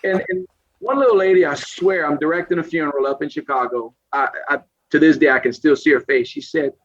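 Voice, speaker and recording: A man from South Louisiana with a thick Cajun accent spins folksy stories in a casual chat. His voice sits a touch high, and he often breaks into laughter or mimics the people he talks about. The recording sounds dull and lo-fi. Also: a little fast. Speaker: podcast guest. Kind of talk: casual storytelling.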